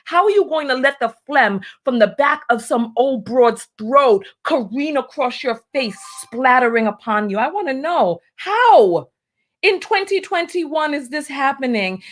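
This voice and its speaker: A middle-aged woman hosting a talk show, delivering an emphatic opinion monologue that hammers on repeated rhetorical questions. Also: high-pitched. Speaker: show host.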